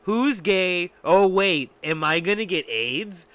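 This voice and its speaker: A man's voice: high-pitched, lively intonation, takes it slowly, a bit bright, smooth, dry recording, heavily acted. A man putting on the voice of a drunk middle-aged man making mocking, bigoted remarks. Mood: sneering.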